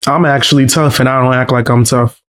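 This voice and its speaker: Male streamer, laid-back slangy chat, mid-pitch voice. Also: fairly even intonation, fairly quick, a bit bright, clear, resonant tone.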